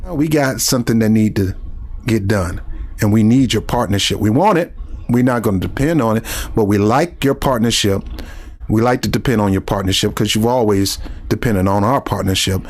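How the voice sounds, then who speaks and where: A man's voice: on the low side, moderate pace. A man hosting a political commentary, fervent and preachy, often restarting and repeating himself. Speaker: commentary host.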